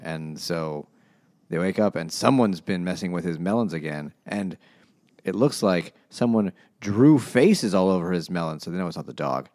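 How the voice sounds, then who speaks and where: A man co-hosting a casual podcast chat, summarizing a book in a rambling, deadpan way with some swearing. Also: low-pitched, moderate pace, no echo, studio quality. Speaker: podcast co-host.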